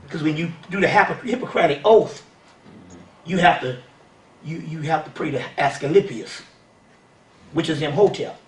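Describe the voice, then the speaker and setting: A man giving a seminar-style lecture, animated and conversational, often checking that the audience follows. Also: fairly high pitch, normal speed, long pauses. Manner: animated, keeps asking "you see what I'm saying". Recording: roomy sound from a distant mic.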